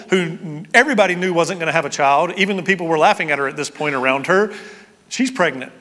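A male pastor delivers a sermon in a fairly high voice. He swings from loud, excited storytelling down to quiet, hushed emphasis. His voice rings out through a large hall with a long reverb. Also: fast.

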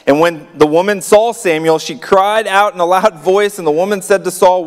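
A man preaches a sermon, reading scripture and stopping for chatty, wry remarks. His voice sits a little high for a man. It rings out with the long echo of a large hall. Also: normal speed. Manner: conversational, wry asides, reads verses aloud. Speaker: pastor.

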